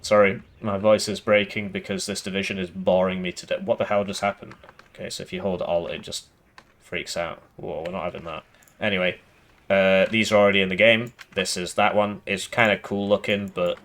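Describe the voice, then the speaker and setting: A man giving casual game commentary, sarcastic and rambling in a deadpan way. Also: sits low, brisk. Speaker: gaming YouTuber.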